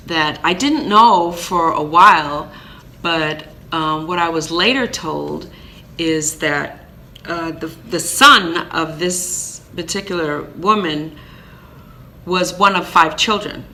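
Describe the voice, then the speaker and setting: A woman from Maine telling a personal story as a vlogger, in an animated, chatty way with fillers and restarts. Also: low voice, slow. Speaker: vlogger, single parent.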